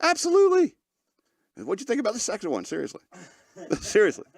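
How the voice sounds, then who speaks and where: A man with a high, sing-song voice that is creaky and a little mellow talks at a quick pace. He hosts a podcast, sarcastically joking his way through news stories and often laughing mid-sentence in casual comedic commentary.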